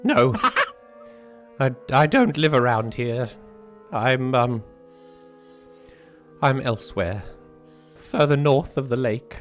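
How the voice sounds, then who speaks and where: A man's voice: mid-range voice, lively intonation, takes it slowly, pauses often, fairly bright tone, soft background music, pitched above the performer's own voice. A man voicing a brusque, impatient male character in a tabletop game.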